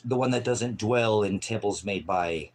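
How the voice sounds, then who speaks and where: A man preaching an improvised, fiery sermon in a mocking, scolding manner, swinging from loud outbursts to low mutters. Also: a little slow.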